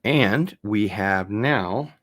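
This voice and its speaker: Speaking with a fairly low pitch, lively intonation, and a bit of brightness, a man hosts a casual vinyl record unboxing livestream. He rambles and draws things out, talking things over as he opens packages and veering onto tangents.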